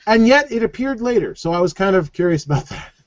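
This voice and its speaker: A man co-hosting a casual review chat, animated and chatty, heard over a muffled online call. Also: sits high, quick pace. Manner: animated, chatty, leans on "like" and "kind of". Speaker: show co-host.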